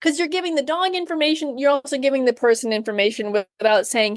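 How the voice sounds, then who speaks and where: A woman dog trainer co-hosting a casual podcast, agreeing and adding quick practical tips. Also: high voice, fairly even intonation, no echo, clean studio sound.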